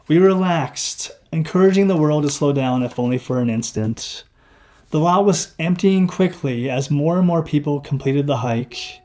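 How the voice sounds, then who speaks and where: Guy reading his own novel first person, throat kinda dry, slightly high voice, really acts out the lines. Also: moderate pace. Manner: expressive, acting out the dialogue.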